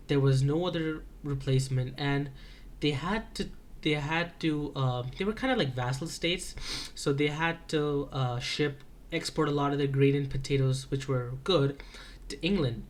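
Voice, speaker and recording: A teenage boy talks through his school research project in a casual vlog. His pitch sits in an ordinary middle range. He stumbles and restarts often, filling gaps with "uh" as he works out his points. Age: teens. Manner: loose, halting, many restarts and fillers. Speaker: high school student.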